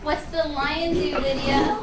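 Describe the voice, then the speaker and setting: A woman teacher running a drama lesson with children, coaxing them with animated questions, recorded from a distance in a classroom. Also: high-pitched, slow pace. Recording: echoey room from far off with background noise.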